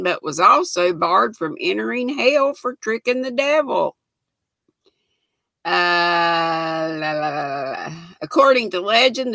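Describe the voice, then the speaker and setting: A woman's voice: a little high, creaky, sharp tone, no echo. An older woman hosting a casual livestream, chatting with viewers by name and reading trivia aloud. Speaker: livestream host.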